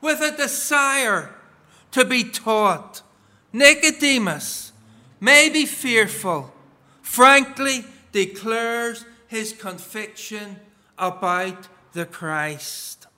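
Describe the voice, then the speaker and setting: A male preacher giving a sermon in a measured, emphatic way, reading scripture aloud and stressing key words. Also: very high-pitched, animated, bright, forceful tone. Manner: reads scripture passages aloud.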